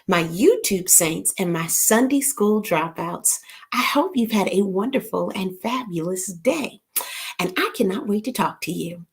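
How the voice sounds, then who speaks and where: A woman's voice: mid-range voice, sing-song, unhurried, creaky. A middle-aged woman hosting a casual live stream, playful and chatty, greeting her viewers by name. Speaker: livestream host. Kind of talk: casual livestream chat.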